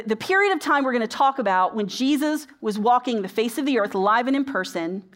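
Woman, preacher, sermon, conversational, storytelling, rhetorical questions, slightly high pitch.

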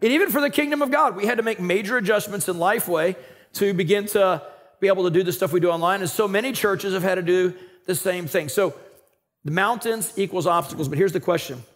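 Preaching with a high-sitting voice and a quick pace, this male pastor keeps his sermon conversational and animated. He swings from loud, emphatic moments to quiet asides.

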